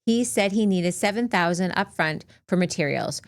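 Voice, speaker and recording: A woman's voice: on the low side, normal speed. Woman co-host reading a listener story. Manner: steady storytelling, dry asides. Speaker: podcast co-host. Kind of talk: reading a listener story aloud in casual chat.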